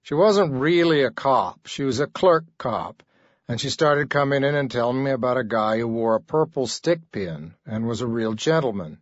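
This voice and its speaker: A man's voice: mid-range voice, expressive, normal speed, no echo, highs cut off. A man reading an audiobook as its narrator, in a laconic, dry delivery. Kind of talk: scripted narration.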